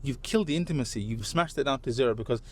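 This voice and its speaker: Fast-talking man with a London accent. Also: medium pitch. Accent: London English. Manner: animated anecdotes, tags statements with "right?". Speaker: podcast guest. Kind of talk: casual chat, storytelling.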